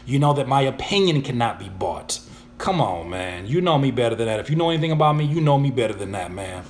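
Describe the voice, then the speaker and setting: A man hosting a casual live Q&A, reading viewers' questions aloud and answering in an animated, slangy way. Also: mid-range voice, quick pace. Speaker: YouTuber and music producer answering viewer questions.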